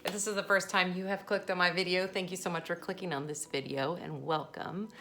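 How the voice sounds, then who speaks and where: A woman's voice: lowish voice, steady tone, a little fast, bright, forceful tone. A woman in her thirties vlogging casually about her daughter, chatty and emotional, often breaking into laughter. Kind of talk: casual personal vlog.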